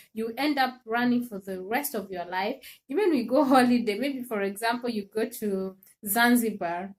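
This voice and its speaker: A woman, her voice sitting a little on the high side. She talks in a loose, chatty way and laughs often as she speaks straight to her viewers. This is an easygoing livestream monologue. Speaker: livestream host.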